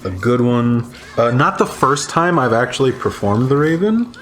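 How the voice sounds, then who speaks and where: A man's voice: medium pitch, sing-song, normal speed, a bit bright. A man hosting a gaming channel, reading creepy stories dramatically and breaking off for playful, laughing asides. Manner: laughs often, playful banter between readings.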